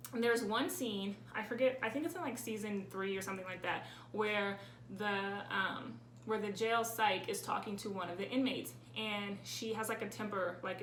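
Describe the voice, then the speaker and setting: A woman's voice: medium pitch, fairly bright tone. Chatty young woman in a roomy space. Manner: chatty and candid, with frequent "like" fillers. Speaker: vlogger. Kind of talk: casual Q&A vlog. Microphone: camera on a tripod. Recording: roomy with faint ambient noise.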